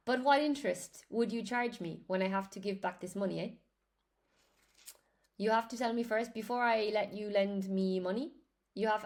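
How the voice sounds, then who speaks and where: Chatty woman teaching live. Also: medium pitch. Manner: chatty, greets viewers by name between explanations. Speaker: English teacher. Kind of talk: live-streamed English lesson, reading viewer comments.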